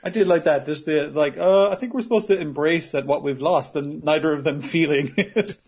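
A man's voice: a little high, moderate pace, a little mellow, husky. A man co-hosting a podcast, recapping anime in casual chat, swearing, laughing and quoting characters. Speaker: podcast co-host.

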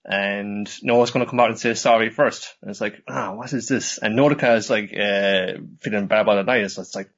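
A man's voice: fairly low pitch, fairly even intonation, fairly quick, hardly any pauses. A man hosting a casual podcast chat, rambling through a recap with lots of fillers. His speech is loose and profane. The audio is dull and lo-fi. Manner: rambling, full of fillers, swearing, laughing. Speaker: podcast host.

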